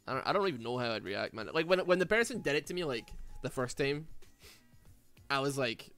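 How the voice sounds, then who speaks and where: A young man from Glasgow, Scotland, with a Glaswegian accent, streams while gaming and chats casually, rambling with lots of "like," "man" and "dude." His mid-range voice is expressive, fairly bright and a little fast. Faint music plays behind him.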